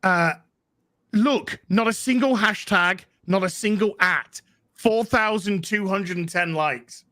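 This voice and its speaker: A man's voice: sits high, slow, sharp tone, no echo, clean studio sound. A man co-hosting a casual panel chat, emphatic and profane, repeating words for emphasis. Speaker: panel co-host.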